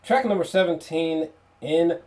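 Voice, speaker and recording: A man casually reviewing an album on video, excitable and profane, laughing often and restarting his sentences. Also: on the high side, a little slow.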